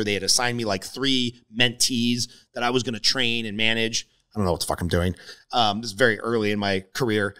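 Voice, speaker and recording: A middle-aged man hosting a podcast, telling a casual story with lots of swearing and animated retelling. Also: lowish voice, a little fast, clear, resonant tone. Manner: animated, swears freely, voices others in stories. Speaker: podcast host, mortgage coach.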